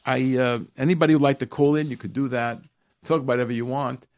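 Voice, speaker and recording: A man's voice: mid-range voice, steady tone, fast, no echo. A man hosting a radio talk show, reading a piece aloud and breaking off with laughing asides. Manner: warm laughing asides between read passages.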